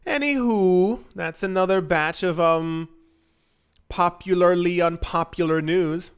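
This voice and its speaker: A man's voice: fairly high pitch, level tone, unhurried, fairly bright tone, smooth. A young man giving casual commentary to camera, rambling with many restarts and incredulous asides. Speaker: crypto commentator.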